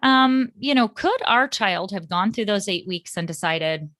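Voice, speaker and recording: A middle-aged woman co-hosting a podcast about parenting, talking in a calm, reflective way with frequent ums. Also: mid-range voice, unhurried, no room sound, studio quality. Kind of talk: casual podcast conversation.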